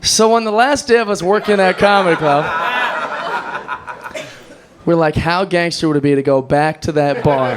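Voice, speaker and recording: High-voiced man telling a rambling story. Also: very noisy. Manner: rambling, animated, self-mocking. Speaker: stand-up comedian. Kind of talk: stand-up storytelling.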